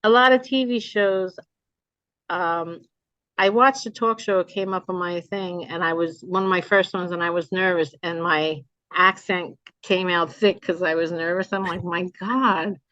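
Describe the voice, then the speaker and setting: This guest, a memoir author from New Jersey, has a lowish voice, a North Jersey accent, and a measured pace. She's a chatty, lively storyteller in a casual video-call interview, heard through dry, lo-fi audio.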